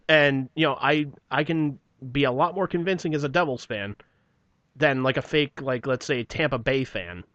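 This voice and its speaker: A man's voice: mid-range voice, normal speed, a bit bright, no echo. A man with a New Jersey accent telling a long, profane story about an old job in a casual podcast chat. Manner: swears often, mocks people in put-on voices. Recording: dull lo-fi podcast audio.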